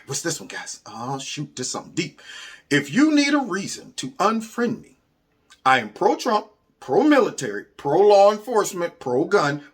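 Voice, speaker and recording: A man hosting his own show, giving casual, mocking commentary on memes with frequent laughs and sudden high exclamations. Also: fairly bright tone, slightly rough. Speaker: host of a commentary channel.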